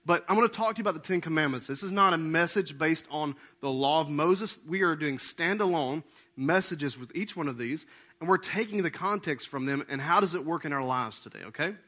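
A man's voice: on the high side, a little fast, pushed and bright. A male pastor preaching a conversational sermon to his congregation, often checking in with questions. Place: church sanctuary with congregation.

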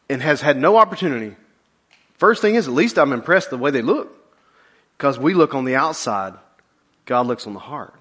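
A male pastor preaching a sermon, joking with the congregation and dropping low and slow for key points. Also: lively intonation, sharp tone, breathy edge.

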